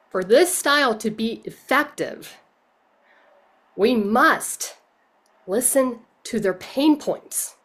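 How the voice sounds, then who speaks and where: A woman coach speaks at a conference in a voice of middling pitch. She tells her story in order and uses rhetorical questions to move it along. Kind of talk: conference talk.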